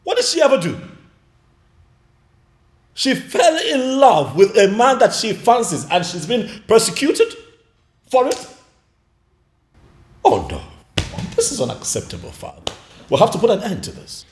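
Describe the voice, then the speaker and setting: A man's voice: fairly high pitch, huge pitch swings, brisk, darkish tone, roomy sound, slight background noise. An actor playing an agitated young prince, outraged over how his sister has been treated.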